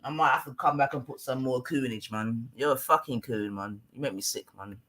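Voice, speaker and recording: A man with a London accent hosting a livestream, ranting scornfully and loudly at people he is reacting to. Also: mid-range voice, brisk, a little hiss or hum. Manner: scornful, loud, swearing. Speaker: livestream host. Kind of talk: heated livestream rant.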